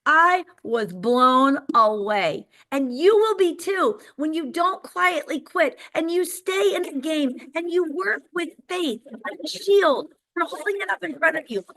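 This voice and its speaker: A woman, a sales director telling an excited, emphatic motivational story on a call. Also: extremely high pitch, a little slow.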